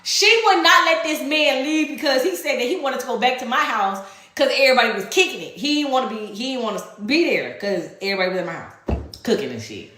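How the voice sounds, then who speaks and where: A woman telling a personal story in a casual storytime, animated and profane, laughing as she goes, recorded in an echoey room. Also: high voice, quick pace.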